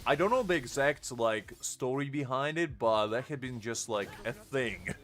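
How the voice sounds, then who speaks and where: A man's voice: mid-range voice, animated, moderate pace, a bit bright. A tired man streamer in casual live-stream chat, joking and answering his chat. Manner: jokey, laughs often, reads chat aloud. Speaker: game streamer.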